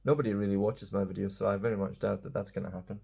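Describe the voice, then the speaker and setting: Guy teaching english for fun, low gravelly husky voice, jokey and chatty. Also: flat delivery, very fast, a little mellow. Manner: playful, self-mocking, chatty. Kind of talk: casual video lesson.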